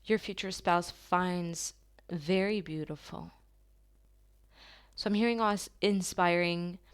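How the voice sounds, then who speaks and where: A woman giving a channeled tarot reading to her viewers, talking softly and slowly in an affirming way, with long pauses. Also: lowish voice, fairly even intonation, smooth. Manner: soft, slow and affirming, with drawn-out pauses.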